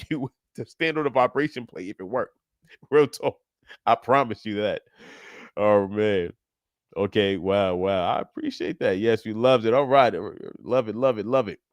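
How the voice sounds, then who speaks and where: A man's voice: mid-range voice, no room sound, studio quality. A young man hosting a live stream as a fitness coach, chatting casually and encouraging callers, laughing often. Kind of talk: casual livestream chat.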